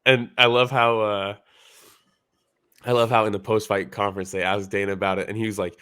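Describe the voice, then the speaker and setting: A man's voice: lowish voice, little pitch movement, a little fast, a bit bright, clear, resonant tone, dry recording, studio quality. A man co-hosting a podcast, chatting casually about a fight in a rambling way, full of fillers. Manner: rambling, full of "like" fillers, laughs while retelling. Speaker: podcast co-host. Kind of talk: casual fight analysis chat.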